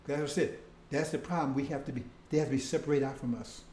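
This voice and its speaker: A man's voice: medium pitch, quick pace, a little mellow, reverberant, slight background noise. A man preaching a casual, conversational sermon, often breaking in with "see?" and "right?".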